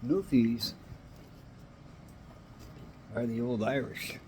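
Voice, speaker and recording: A man's voice: mid-range voice, steady tone, very slow, dark tone, a little hiss or hum. A Canadian man ranting in an angry, emphatic monologue, swearing now and then.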